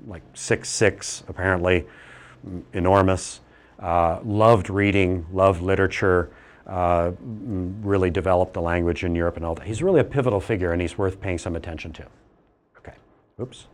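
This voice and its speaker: A middle-aged man giving a classroom lecture, animated and teasing, asking the class questions as he goes. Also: deep voice, normal speed.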